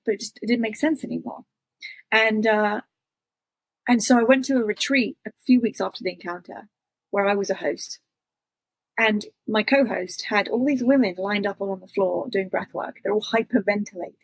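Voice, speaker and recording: A woman's voice: fairly high pitch, breathy edge, dry recording, rough recording. A woman guest telling a personal story in a chatty way, acting out her own past thoughts in quotes. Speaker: interview guest.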